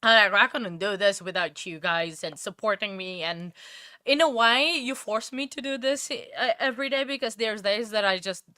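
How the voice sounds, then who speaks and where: A woman's voice: mid-range voice, moderate pace, pushed and bright, no room sound, studio quality. A woman hosting a true crime livestream, chatting casually with viewers and thanking them effusively between frequent laughs. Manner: effusive, often laughing, easily distracted.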